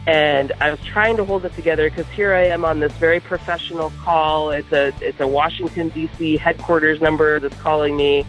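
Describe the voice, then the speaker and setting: A woman's voice: low-pitched, steady tone, fairly quick, few pauses, dull audio, faint music behind. A woman, a podcast guest, telling a personal story in an earnest, heartfelt way. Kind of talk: personal story in an interview clip.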